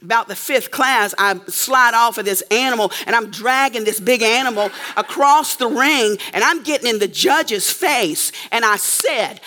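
A woman's voice: a little high, normal speed, few pauses, bright, forceful tone. A woman preacher telling a story in a sermon to a live audience, emphatic and checking in with her listeners often.

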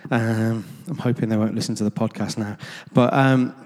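A man's voice: fairly low pitch, fairly even intonation, moderate pace, darkish tone. A man tells anecdotes to a gathered audience in a loose, conversational way, full of ums and self-deprecating asides. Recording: long reverb of a large hall.

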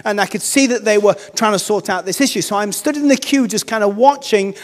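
A vicar with a high voice tells a personal story from the pulpit, animated and self-mocking. His voice rings through a space with a long hall reverb. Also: a little fast. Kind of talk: storytelling sermon.

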